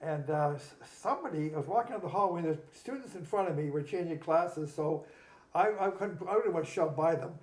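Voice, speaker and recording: Man, chatty storyteller, acts out quotes, lightly raised pitch, echoey room. Good for reminiscing talk. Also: a little fast. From Nanaimo, Canada. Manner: animated anecdotes, acts out quotes. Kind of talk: casual storytelling. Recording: roomy echo.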